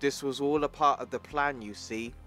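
A man's voice: medium pitch, steady tone, normal speed, bright, forceful tone, faint music behind, lightly acted. A man doing a meek, scheming scientist. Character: timid male scientist, scheming.

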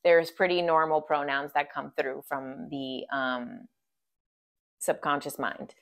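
Chatty woman vlogger, lowish voice. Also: steady tone, takes it slowly, vocal fry. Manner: chatty, full of "like" fillers. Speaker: vlogger telling a story. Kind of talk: casual storytelling.

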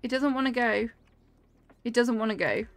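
A young woman chats her way through a live game stream, her fairly high voice full of gravelly vocal fry. She talks casually and reacts out loud to the game as she goes. The sound is close and dry, with no room around it. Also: normal speed, dry recording, faint music behind. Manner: chatty, reacts aloud to the game and reads chat. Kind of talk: casual live-stream chat while playing.

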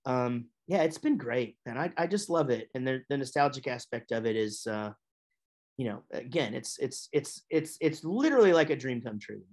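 This is a middle-aged man guesting on a podcast, talking about his work in a casual, unscripted way. His voice sits at a mid-range pitch. His delivery is animated, rising and falling as he warms to a story. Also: moderate pace. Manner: chatty and animated, with big pitch swings when telling stories. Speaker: guest, musician and voice actor. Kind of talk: casual interview chat.

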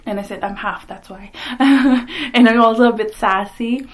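A young woman in her twenties chatting about her life over a meal on camera. She talks in a chatty, giggly way and breaks into laughter between sentences. Her voice sits fairly high for a woman. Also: moderate pace. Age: 20s. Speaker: vlogger. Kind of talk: casual chat while eating.

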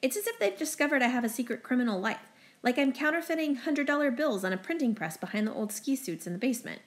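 A woman narrating a first-person audiobook in an expressive, brisk storytelling manner. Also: high-pitched.

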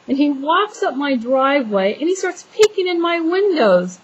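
A woman's voice: high-pitched, lively intonation, moderate pace, hardly any pauses, highs cut off, a little hiss or hum. A woman venting in a casual vlog, talking in an exasperated, rambling way with many restarts and fillers. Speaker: homeowner venting to viewers.

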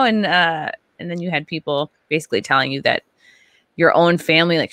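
A young woman hosting a podcast, chatting casually and with animated enthusiasm. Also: fairly low pitch, a little fast, no echo. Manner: animated, enthusiastic, acts out quotes. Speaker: podcast host. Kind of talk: casual interview chat.

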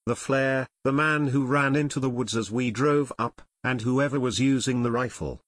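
A man reading the part of an eager, quick-tempered teenage detective. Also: mid-range voice, no room sound, close to an everyday voice.

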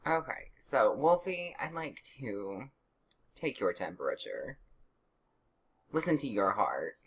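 A woman's voice: extremely low pitch, big pitch swings, slow, husky. A young woman casually narrating her life-sim gameplay, chatty and sarcastic, with exasperated outbursts. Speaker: let's play gamer.

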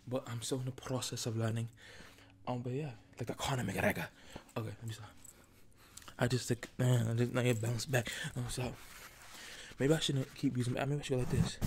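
Here a husky male voice of middling pitch keeps a fairly even intonation at a moderate pace. He's an ASMR creator at home facing a camera, joking and rambling in a chaotic mix of whispering and talking, right up against an ASMR microphone.

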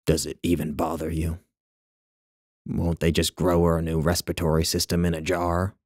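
A man reading his own short story aloud as a measured, wry literary narration. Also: deep voice, completely flat delivery, a little mellow, dry recording, studio quality.

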